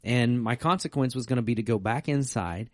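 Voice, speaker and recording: A middle-aged man talks in a relaxed, storytelling way, like a pastor chatting on his own podcast. His voice sits at an ordinary pitch for a man. It is recorded close and dry, with no room around it. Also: a little fast, no echo. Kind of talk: casual chat.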